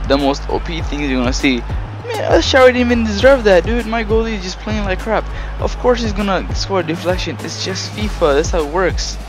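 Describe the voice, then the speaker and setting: A young man commentating his own football video game match as he plays, grumbling in frustration and breaking into loud excitement. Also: on the high side. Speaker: gaming YouTuber. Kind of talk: live gameplay commentary.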